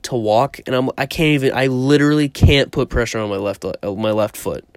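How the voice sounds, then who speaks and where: A man's voice: medium pitch, a little fast, smooth, dry recording, clean studio sound. A young man casually telling a story about himself, rambling, swearing often and poking fun at himself. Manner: profane, rambling, self-mocking.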